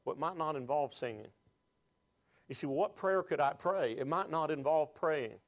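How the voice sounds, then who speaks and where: A man's voice: fairly high pitch, normal speed. A man preaching a sermon as pastor, talking conversationally and building to fervent, rising exhortation.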